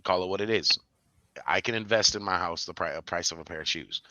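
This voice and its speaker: A man co-hosting a podcast, chatting casually and telling stories animatedly, with bursts of high-pitched laughter. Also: brisk, sharp tone, no room sound, dull audio. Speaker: podcast co-host. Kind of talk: casual chat.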